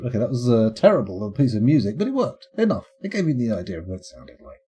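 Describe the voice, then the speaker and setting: A man's voice: medium pitch, sing-song, quick pace, mellow, husky. A man streaming a game live, rambling and playful as he thinks aloud.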